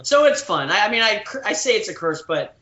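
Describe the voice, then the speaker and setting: Bright-voiced man telling animated stories. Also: sits high, fairly quick, roomy sound, highs cut off. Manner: acts out quotes with big voice shifts. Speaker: guest actor. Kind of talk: animated storytelling.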